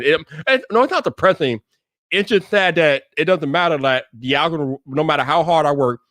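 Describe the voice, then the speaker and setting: Bright, emphatic man on a livestream. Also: fairly high pitch, dry recording, studio quality. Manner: slangy, emphatic, repeats himself; bursts into loud hype shouting. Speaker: tech livestream host. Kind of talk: casual livestream chat.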